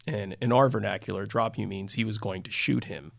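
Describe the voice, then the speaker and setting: A middle-aged criminal defense attorney co-hosting a podcast tells a courtroom anecdote in wry, self-deprecating fashion, the tone of a casual storytelling chat. His pitch is fairly low, his tone steady and creaky, his pace brisk.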